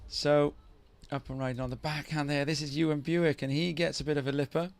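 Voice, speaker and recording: A man's voice: a little high, level tone, brisk, gravelly. A man doing live commentary on a surf contest, chatty and teasing, with self-deprecating banter between the heats.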